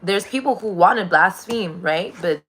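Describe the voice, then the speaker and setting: A woman's voice: mid-range voice, animated, moderate pace, fairly bright tone, breathy edge. A woman delivering a rambling, profane spiritual monologue, laughing often.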